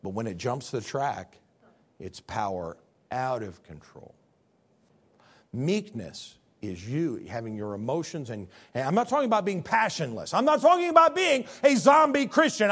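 Man, pastor, sermon, high voice, very lively pitch, loud bursts then quiet lows. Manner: animated storytelling, swinging between loud bursts and quiet lows.

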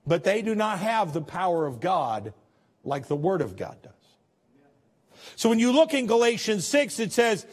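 A male pastor preaching a sermon in a folksy, conversational way, his voice sitting a little higher than most men's. He swings from emphatic, driving lines down to soft, hushed asides, with restarts along the way. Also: very animated, moderate pace.

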